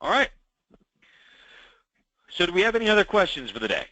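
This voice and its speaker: A man's voice: high voice, sing-song, fairly quick, sharp tone, no room sound, rough recording. A man hosting a weekly call for insurance agents, talking through problems in a conversational way with many fillers and repeating key advice. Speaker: meeting host for insurance agents.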